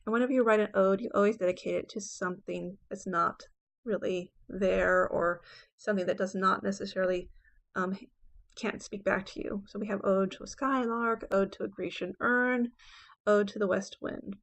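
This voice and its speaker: Woman professor, middle-aged, gravelly voice, chatty lecture style with fillers. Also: medium pitch, fairly even intonation, normal speed. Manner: conversational teaching with frequent fillers and checks; reads verse aloud with dramatic emphasis. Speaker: English professor.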